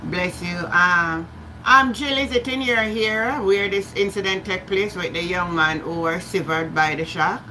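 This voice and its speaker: A woman's voice: on the low side, fairly even intonation, a little slow, pushed and bright, a little hiss or hum, rough recording. A Jamaican woman hosting a live stream, chatting casually, greeting viewers by name and slipping into patois. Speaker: livestream host.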